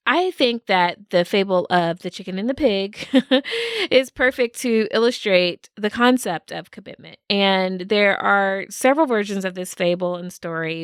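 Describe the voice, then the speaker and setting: A woman's voice: medium pitch, smooth, dry recording, clean studio sound. A woman hosting a solo podcast, talking in an upbeat way and laughing often. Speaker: podcast host.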